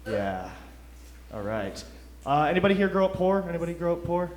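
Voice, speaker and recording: A man's voice: on the high side, sing-song, fairly quick, a little mellow, slight background noise. A young man from Detroit doing a loose, self-mocking stand-up set, chuckling through his lines. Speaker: stand-up comic. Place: comedy club stage. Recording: roomy club sound.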